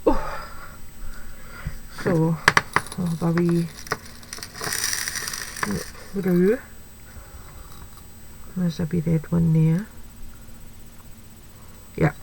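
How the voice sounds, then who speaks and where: Slow, chatty woman demonstrating crafts. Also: fairly low pitch, gravelly, noisy background. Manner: chatty, self-deprecating, thinks aloud. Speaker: card-making demonstrator. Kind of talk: craft tutorial, talking while working.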